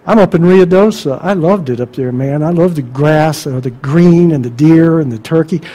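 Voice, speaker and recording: A man preaching a sermon, emphatic and conversational, asking the congregation rhetorical questions and dropping to quiet asides. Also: a little high, normal speed, low-quality recording.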